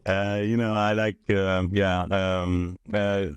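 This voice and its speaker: A man speaking halting non-native English as an interview guest, hesitant with many fillers, on a phone. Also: low voice, little pitch movement, smooth, no room sound. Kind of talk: casual interview chat. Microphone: mobile phone.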